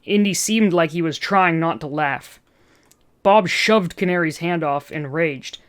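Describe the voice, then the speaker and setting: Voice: mid-range voice, measured pace, a bit bright. A reader narrating a fan story aloud, breaking in with chatty asides and chuckles between passages.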